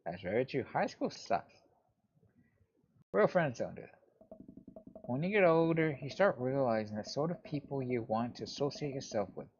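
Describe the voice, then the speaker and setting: A man's voice: medium pitch, expressive, a little fast, a little mellow, a little hiss or hum. A man reading a game's narration and dialogue aloud, giving earnest fatherly advice, on a dull lo-fi recording. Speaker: let's play host.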